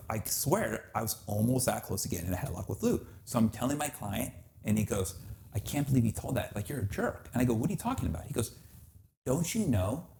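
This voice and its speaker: Male podcast host, storyteller, very expressive pitch, loose and profane. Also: vocal fry, a little hiss or hum. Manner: animated storyteller acting out quotes, swears freely. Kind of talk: casual chat, storytelling.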